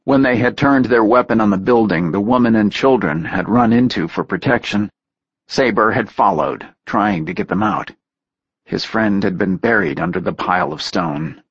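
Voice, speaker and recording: A man reading a story aloud in a steady, measured narration. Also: on the low side, creaky, husky, dry recording, lo-fi sound. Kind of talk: audiobook narration.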